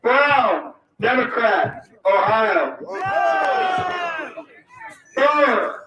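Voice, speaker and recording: Addressing a rally, a man reads a list of names aloud extremely slowly, apologizing when he mispronounces them and calling out lines emphatically to press his points. His high voice swings widely in pitch, captured lo-fi on a distant mic in a roomy space with a loud crowd.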